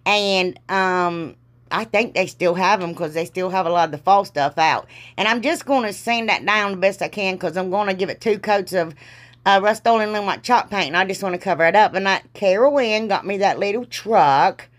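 A woman, talking through a DIY craft tutorial in a rambling, self-deprecating way, with a sore throat and frequent throat clearing. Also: medium pitch, moderate pace. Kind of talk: casual craft tutorial voice-over.

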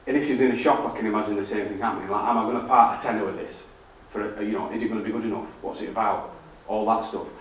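A guest speaker from Barnsley, England, tells candid, sweary stories in a Yorkshire accent during a public talk in a large indoor lecture hall. His low voice is picked up from a distance in the echoey hall, with a little hiss or hum.

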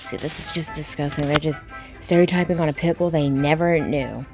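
A woman's voice: sits low, steady tone, a little fast, music in the background. A woman reacting to comments in casual commentary, blunt, indignant and profane. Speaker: video creator reacting to comments.

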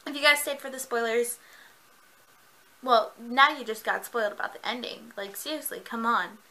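A young woman gushing excitedly in a casual vlog. Her voice is very bright and sits a little high, and she laughs often while she talks. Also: moderate pace, rough recording. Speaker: book reviewer.

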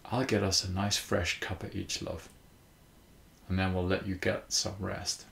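A man voicing a worried middle-aged mother who speaks gently and consolingly, in a storybook reading. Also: low voice, monotone, unhurried, vocal fry, a little hiss or hum, full character voice. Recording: roomy echo.

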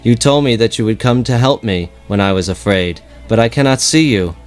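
A man's voice: mid-range voice, fairly quick, faint music behind, close to an everyday voice. A man voicing a dying wild man who pleads with his friend, in a raised and urgent tone. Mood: pleading.

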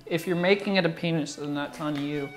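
A man's voice: on the high side, fairly quick, soft background music. Nervous young man protesting. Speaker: co-host. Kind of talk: casual chat.

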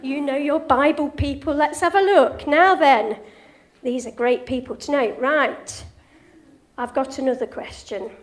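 A woman's voice: high-pitched, a little slow. A woman giving an informal church talk, cheery and encouraging, quizzing children and telling a story. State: a bit out of breath. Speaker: church speaker leading a children's quiz and talk.

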